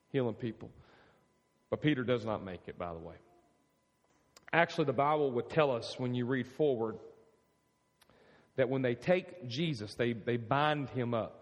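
A male pastor preaches in a mid-range voice, storytelling and asking the room questions. His voice rings with a long hall reverb. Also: medium pitch. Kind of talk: sermon.

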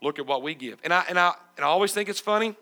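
Preacher man, high raspy voice, keeps asking the church stuff. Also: expressive, racing, sharp tone. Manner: emphatic, asks the congregation questions. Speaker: pastor. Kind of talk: sermon.

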